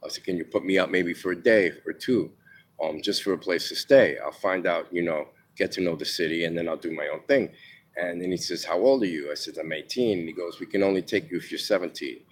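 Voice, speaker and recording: Man from New York, very low voice, casual rambling memoir, swears, restarts a lot. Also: a little fast, a little hiss or hum. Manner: rambling, many ums and restarts, swears freely. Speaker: storyteller.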